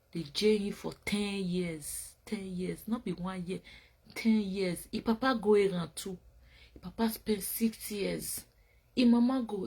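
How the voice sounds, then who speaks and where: A woman's voice: mid-range voice, mellow, breathy edge. A woman hosting a casual commentary show, talking bluntly and scolding in repeated phrases. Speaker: show host.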